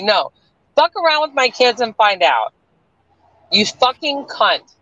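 A woman's voice: fairly high pitch, animated, a little slow, a bit bright, no echo. A woman guest on a livestream call, ranting in a furious, profane, threatening way. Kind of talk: angry livestream rant. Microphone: online stream call audio. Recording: dull lo-fi stream audio.

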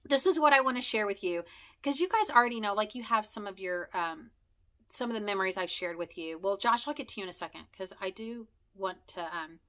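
A woman in her forties reminiscing casually and emotionally to camera, talking fast and stumbling over her words. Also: mid-range voice, animated, fairly bright tone. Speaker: vlogger thanking friends.

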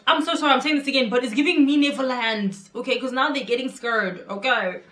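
A woman hosting a reaction video, chatting excitedly and repeating words in quick bursts. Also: high voice. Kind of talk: casual reaction commentary. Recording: echoey room with music behind. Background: music video playing.

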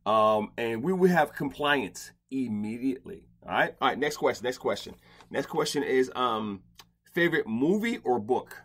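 A man's voice: medium pitch, normal speed. Blunt, swearing middle-aged man hosting. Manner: blunt, profane and animated. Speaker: podcast host. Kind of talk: casual interview chat. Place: home closet padded with blankets.

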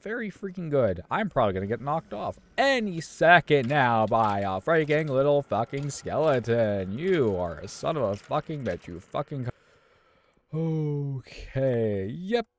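Swearing, animated gaming commentator man. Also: mid-range voice. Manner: exasperated, swearing, taunting game enemies. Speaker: gaming YouTuber. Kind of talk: gameplay commentary.

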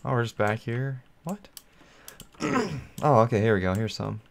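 A man's voice: mid-range voice, very animated, unhurried, gravelly, a little hiss or hum. A man hosting his own gaming channel, giving solo gameplay commentary in a rambling, think-aloud way and talking to his viewers.

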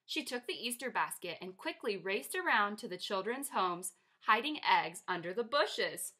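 Woman teacher, picture-book read-aloud, bright, lively pitch, higher voice. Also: moderate pace, hardly any pauses.

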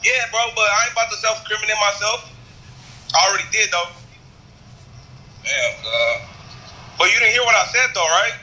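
Brash young guy, joking and slangy, high and sharp-toned. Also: animated, normal speed, pauses often, slight background noise, poor audio. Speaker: video chat stranger. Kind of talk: casual chat and freestyle rap.

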